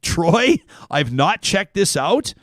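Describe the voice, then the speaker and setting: A man's voice: high voice, very animated, slow, fairly bright tone, no echo, studio quality. A man from Canada hosting a casual talk show, reading listener comments aloud with a joking, chatty manner.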